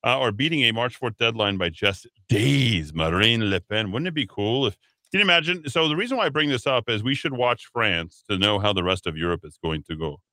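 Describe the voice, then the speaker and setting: Bright-voiced man hosting talk radio. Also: lowish voice, expressive, a little fast, no echo. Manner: rambling, reads headlines then riffs with filler words. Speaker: radio talk show host. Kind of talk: talk radio news rundown with asides. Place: radio studio. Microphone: studio microphone.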